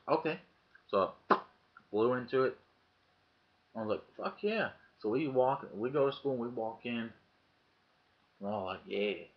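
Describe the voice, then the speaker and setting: A man telling a story casually to his webcam, swearing freely and acting out the lines of people in it. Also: lowish voice. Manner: profane, acts out quoted lines in the story. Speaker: vlogger. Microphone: webcam mic. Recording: dull lo-fi webcam audio.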